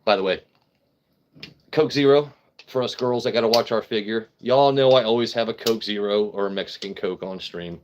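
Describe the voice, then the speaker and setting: A man's voice: on the low side, normal speed, dull audio, slight background noise. A man hosting a casual livestream and chatting to his viewers while drinking, rambling, joking and swearing freely. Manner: rambling, talks straight to chat viewers. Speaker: livestream host.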